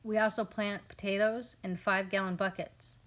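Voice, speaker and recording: A woman's voice: medium pitch, flat delivery, moderate pace, a bit bright. A woman in her thirties narrating a home garden video in a casual, amused, chatty way, often quoting her family. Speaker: family homestead vlogger.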